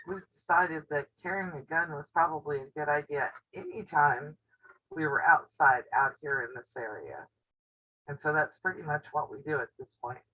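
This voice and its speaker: A woman's voice: deep voice, husky. A woman hosting a casual live-stream chat from home, telling stories and laughing often. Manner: chatty storyteller who laughs often. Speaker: quilting channel host. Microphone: camera on a table. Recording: dull lo-fi audio.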